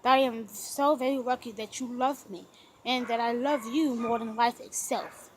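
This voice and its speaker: Storybook heroine: young wife, tender, soft-spoken, voiced by a woman reader. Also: fairly high pitch, steady tone, normal speed, slight background noise, close to an everyday voice, poor audio.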